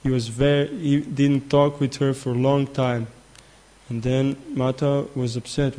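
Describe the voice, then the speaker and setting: A man giving a spiritual talk who tells a story in a halting way, repeating words and filling gaps with "uh". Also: medium pitch, flat delivery, mellow. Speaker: spiritual teacher. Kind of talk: sermon with storytelling.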